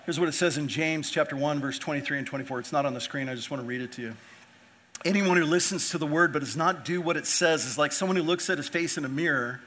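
A man delivering a sermon, his voice bright and forceful with a slightly raised pitch. He reads scripture in earnest tones, builds to emphatic swells and then drops back to a soft, intimate delivery. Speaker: pastor.

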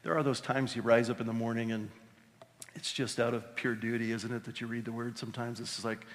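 A pastor preaching a conversational, animated sermon with exclamations. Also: male voice, medium pitch, a little fast. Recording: reverberant hall.

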